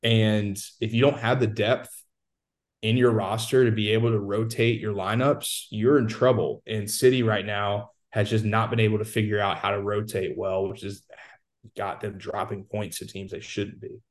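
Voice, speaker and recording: Low-voiced man breaking down soccer. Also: little pitch movement, normal speed. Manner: analytical, confident breakdowns. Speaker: soccer analyst guest. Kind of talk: casual sports chat.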